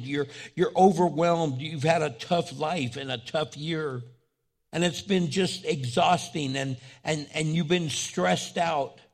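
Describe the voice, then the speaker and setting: A man pastor giving a sermon in a conversational preaching style, repeating phrases and restarting often. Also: a little high.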